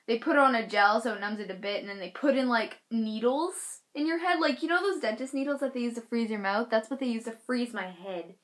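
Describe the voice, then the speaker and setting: A woman's voice: fairly high pitch, brisk, few pauses. A young woman telling a personal story in a casual, chatty way, full of filler words. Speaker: vlogger.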